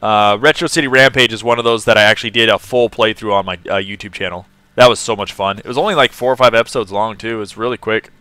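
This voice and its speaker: A man from California talks through his game on a live stream in a bright, clean voice. He chats loosely, laughs often and greets viewers by name. The sound is dry and close, with no room echo. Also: on the low side, steady tone, fast, few pauses, smooth. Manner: chatty, laughs often, greets and answers chat. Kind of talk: casual live-stream commentary.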